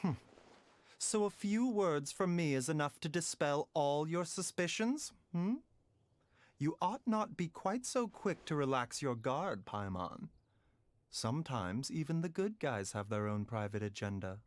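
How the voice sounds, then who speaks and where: A man voicing a soft-spoken adult male doctor in a game, speaking in a measured, courteous, slightly formal way. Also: on the high side, lively intonation. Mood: sly. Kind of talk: game character dialogue.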